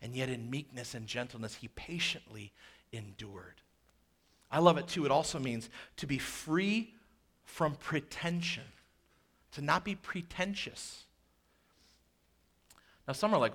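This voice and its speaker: A man preaches a lively sermon with a voice on the higher side. He swings between playful joking asides and slow, quiet stretches of emphasis. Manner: animated, jokey asides, acts out quoted voices. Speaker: pastor.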